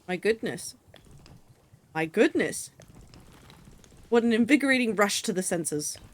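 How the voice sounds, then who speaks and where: A woman's voice: mid-range voice, animated, a little slow, natural voice. A woman reading out a grand male warrior's lines as he savors tea, in a pompous, theatrical manner. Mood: grandiose. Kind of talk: reading game dialogue aloud.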